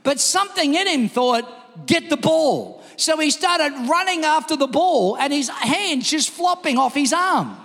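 A man preaching a sermon, telling a story with energy and shouting the quoted lines. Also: extremely high pitch, lively intonation, normal speed, few pauses. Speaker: pastor. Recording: long hall reverb.

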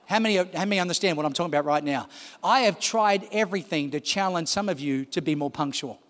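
A man's voice: on the high side, fast talker, a bit bright. A man preaching a sermon as pastor, pressing his congregation with repeated calls to listen. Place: large church hall. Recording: long hall reverb.

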